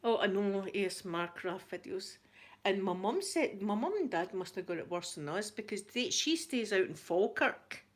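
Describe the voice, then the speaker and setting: Casual Glaswegian woman, mid-range pitch, chatty live-stream host who laughs a lot. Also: animated, moderate pace. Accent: Glaswegian Scottish. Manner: chatty, laughs often, repeats herself. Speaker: ASMR channel host answering live chat.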